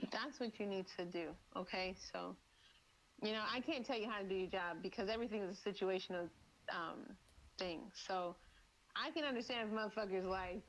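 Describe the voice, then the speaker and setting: Interview guest, female, blunt and profane, animated storyteller who acts out dialogue. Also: mid-range voice, a little hiss or hum, poor audio. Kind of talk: casual interview chat. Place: lives in Miami.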